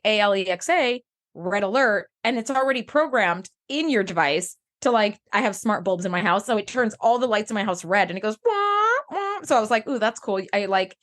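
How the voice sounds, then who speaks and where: A woman's voice: medium pitch, a bit bright. A woman co-hosting a podcast in casual chat. She sounds enthusiastic, swears casually and drifts into personal asides. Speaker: podcast co-host. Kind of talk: casual episode recap chat.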